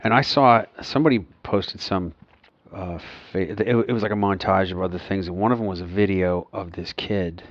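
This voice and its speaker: A man in his fifties with a low voice talks in loose, rambling podcast chat, circling back with restarts and fillers. The sound is dull and lo-fi, dry and close to the mic. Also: normal speed, no echo. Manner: rambling, many restarts and "you know"s. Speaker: podcast co-host. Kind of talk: casual chat.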